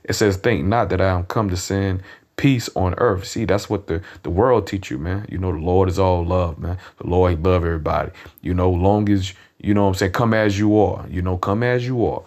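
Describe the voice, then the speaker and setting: A man preaching informally from scripture, blunt and profane, often tagging his lines with "man" and "you know what I'm saying," and reading verses slowly with emphasis. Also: deep voice, fairly even intonation, a little mellow. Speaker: street preacher.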